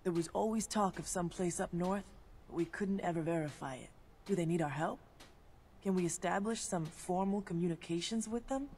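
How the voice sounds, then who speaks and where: A woman voices an eager underground agent in a video game. She talks in a brisk, businesslike way in a lowish voice. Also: dark tone, a little hiss or hum, lightly acted. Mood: earnest.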